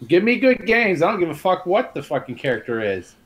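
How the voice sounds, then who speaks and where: A man's voice: high voice, big pitch swings, fairly quick, a bit bright. A man in casual podcast chat, talking bluntly with heavy swearing and ranting.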